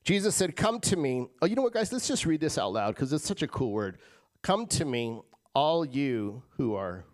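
A pastor man delivering a sermon in a mid-range voice. He talks to the congregation like friends, pushing some lines hard and dropping others almost to a murmur. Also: mid-range voice. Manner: animated, swings from loud emphasis to quiet asides; casual, addresses crowd as guys.

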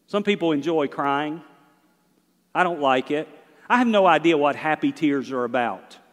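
A middle-aged pastor preaches with a somewhat high voice, rising loud and dropping to a hush. His voice carries the long reverb of a church hall. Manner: preaching with swings from loud to hushed. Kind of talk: sermon.

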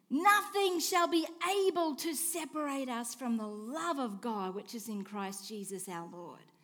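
Slow, high-voiced woman preaching a sermon. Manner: expressive, swings from soft hush to emphatic declaring; slow, deliberate delivery with rhetorical questions.

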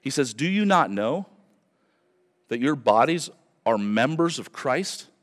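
Male pastor, mid-pitched voice, emphatic sermon delivery, long hall reverb. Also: sing-song, unhurried. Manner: earnest, emphatic preaching with repeated phrases.

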